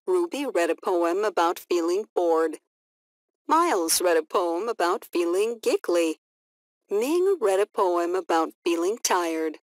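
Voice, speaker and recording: A woman reading a children's story aloud and asking comprehension questions, in a clear storytelling manner. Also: lowish voice, no echo. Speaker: reading teacher.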